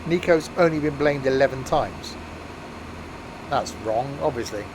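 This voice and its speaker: A man's voice: medium pitch, measured pace. A man casually chatting with his live-stream viewers while playing a game, making wry asides. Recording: steady background noise.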